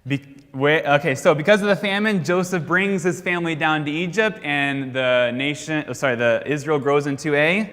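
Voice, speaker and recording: An American man leads a church class in a quiz-style review, pausing mid-sentence so the group can call out the answer. His voice sits a bit high and sounds bright and forceful. A long hall reverb trails behind each phrase. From United States. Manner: quizzing, leaves sentences hanging for the class to finish. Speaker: Sunday school teacher. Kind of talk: question-and-answer Bible review.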